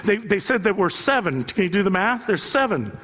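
A male pastor delivers a sermon in a high voice, keeping it loose and joking and tossing rhetorical questions to the congregation. His voice rings out in a large church with a long reverb trailing each phrase. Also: sing-song, brisk, pushed and bright.

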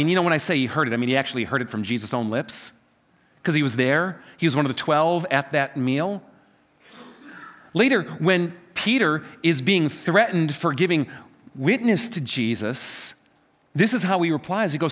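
A man preaching a sermon from a church stage, emphatic and repetitive, swinging between loud stresses and quiet asides. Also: big pitch swings, normal speed. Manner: emphatic, repeats phrases, wide swings in pitch and loudness. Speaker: pastor.

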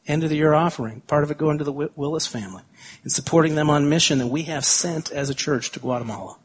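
A man preaching a sermon as pastor, chatting his way through side tangents and reading scripture slowly and deliberately. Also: a little high, a little hiss or hum. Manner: conversational, wanders into side tangents.

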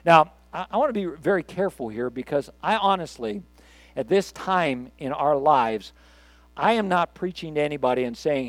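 In this recorded sermon, an older pastor with a fairly high voice talks in a conversational way, projecting certain lines loudly and letting others fall to quiet asides. His intonation is lively and his speed normal. The audio is dry and close-miked, without room echo.

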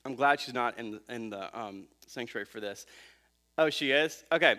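A pastor in his thirties tells a family story during a sermon, relaxed and conversational, full of fillers and restarts. His voice sits at medium pitch and moves at a moderate pace.

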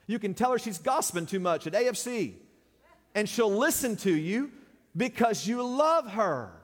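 A high-voiced male preacher delivers an emphatic sermon, swelling louder on his key points and calling out to the congregation. His voice rings with the long reverb of a church sanctuary. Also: sing-song, moderate pace. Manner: emphatic, call-and-response, surges louder and higher on key points.

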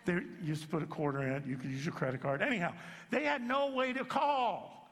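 A man pastor giving an animated, comic sermon in a church sanctuary. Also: high-pitched, fairly quick. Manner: animated storyteller, jumps into acted voices. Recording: long sanctuary reverb.

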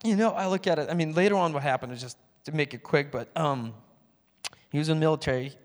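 A man's voice: on the high side, fast, big-room sound. A man telling a personal testimony in a church, acting out phone calls in a raised voice. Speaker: church speaker giving a testimony. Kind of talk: sermon testimony.

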